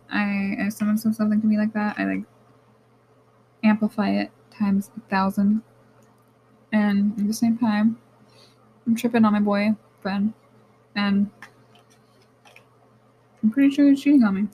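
A young woman at a medium pitch, talking in a frank, casual podcast monologue. Her storytelling is animated and blunt, with swearing scattered through it. There is faint noise beneath her voice. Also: unhurried, long pauses, lo-fi sound. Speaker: podcast host.

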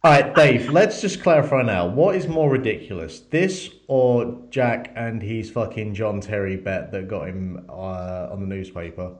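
A man co-hosting a podcast in a casual, excitable, swearing chat. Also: lowish voice, unhurried, few pauses, reverberant. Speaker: podcast co-host.

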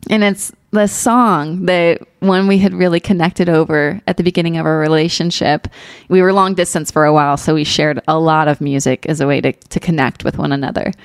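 A woman telling a personal story in casual chat, animated and emotional, laughing often. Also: low voice, a little fast, hardly any pauses, smooth, no room sound, studio quality. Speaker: podcast co-host.

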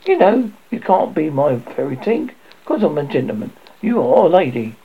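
A boastful boy adventurer, put on by a storyteller reading aloud, chatty and eager. His voice rises and falls a lot with a rough, gravelly grain. The recording is dull and lo-fi. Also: medium pitch, big pitch swings, normal speed, slight background noise. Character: boastful boy hero, lively and cocky.

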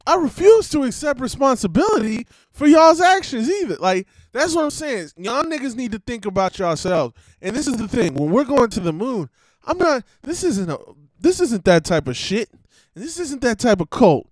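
A man's voice: extremely high pitch, big pitch swings, moderate pace, no echo, rough recording. A man on a one-man stream, ranting bluntly and profanely in rambling asides that he breaks up with laughs.

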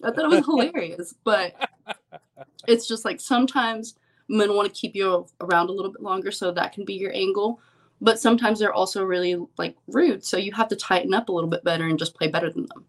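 A woman's voice: medium pitch, fairly even intonation, brisk. A young woman, a professional poker player, talking frankly and casually as an interview guest, with lots of "like" fillers. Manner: chatty, frank, many "like" fillers.

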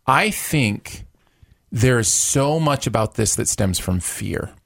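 A man's voice: mid-range voice, animated, takes it slowly, gravelly, fairly bright tone. Male co-host, conversational, emphatic in argument. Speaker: podcast co-host. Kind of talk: casual conversation.

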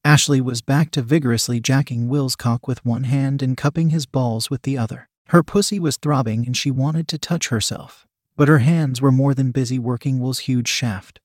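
A man's voice: medium pitch, moderate pace, a little mellow, no room sound. Male narrator, dry studio read. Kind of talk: scripted audiobook narration.

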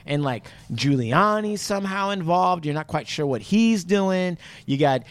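A man's voice: high voice, lively intonation, a little slow, dry recording. A man hosting a podcast, explaining things in a rambling, profane, casual way full of "like" and "you know". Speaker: podcast host. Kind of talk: casual chat.

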